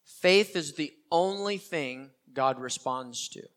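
Older guy pastor preaching, kinda high voice, repeats stuff for emphasis. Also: slow, fairly bright tone. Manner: earnest, repeats key phrases for emphasis. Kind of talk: sermon.

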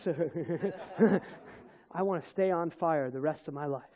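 A man with a notably high voice tells a personal faith story in a loose, meandering way, circling back and restarting his sentences. He laughs softly between thoughts, speaking as a minister in conversation. The sound is dull and lo-fi. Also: unhurried. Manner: rambling storytelling with restarts and chuckles.

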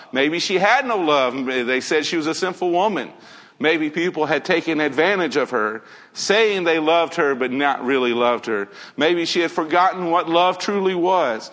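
A man's voice: on the high side, fairly bright tone. A man preaching a sermon in an earnest manner, repeating key phrases and quoting scripture. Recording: long hall reverb.

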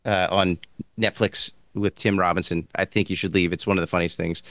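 A man's voice: deep voice, level tone, brisk, fairly bright tone, no echo. A man co-hosting a casual chat, easygoing and agreeable, often stammering as he restarts. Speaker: podcast co-host.

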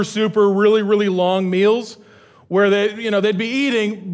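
A middle-aged man preaching a casual, humorous sermon from a church stage. He is energetic and joking, and often restarts his sentences. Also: high-pitched. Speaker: pastor.

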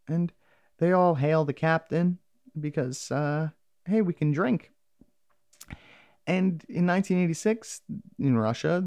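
A man's voice: on the high side, creaky, a little mellow, no echo, studio quality. A man casually recapping a TV episode, rambling and swearing freely as he acts out lines from the characters.

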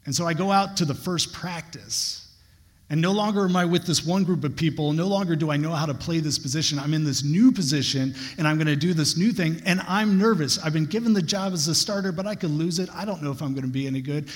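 A man's voice: a little high, fast. A young adult man preaching a sermon, telling a personal story with earnest, building emphasis. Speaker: pastor. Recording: long hall reverb.

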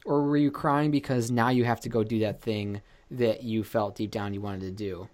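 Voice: mid-range voice, fairly even intonation, normal speed. Chatty podcast host asking questions. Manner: warm, affirming, asks rambling questions. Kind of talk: casual interview.

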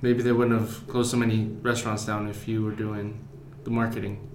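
A man's voice: fairly low pitch, level tone, fairly quick, a little mellow. A man co-hosts a loose chat and cuts in with dry, teasing jabs. His voice sounds roomy, with a faint hiss of background noise behind it. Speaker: podcast co-host. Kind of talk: casual chat. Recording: echoey room with faint noise.

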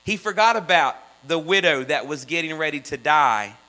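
High, bright-voiced preacher man. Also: expressive, normal speed, low-quality recording. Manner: swings from loud fervent runs to hushed low asides. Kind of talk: sermon.

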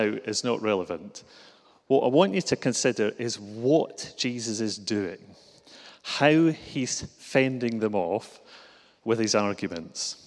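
A man from Scotland with a Glasgow accent, preaching a relaxed, self-deprecating sermon in a church. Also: medium pitch. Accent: Glaswegian. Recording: reverberant hall.

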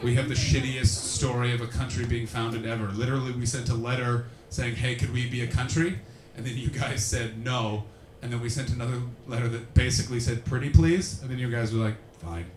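A man from Canada doing crowd-work stand-up comedy, animated and swearing freely as he acts out voices. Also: mid-range voice, a little fast, few pauses, a little hiss or hum. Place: comedy venue with a live audience. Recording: echoey room with faint ambience.

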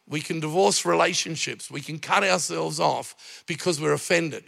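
A middle-aged man preaching in a relaxed, storytelling way, dropping in jokes. His voice is gravelly and sits a little high. The sound carries a long reverb like a large church hall. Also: normal speed, hardly any pauses. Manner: conversational preaching with jokes and acted-out anecdotes. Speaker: pastor. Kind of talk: sermon.

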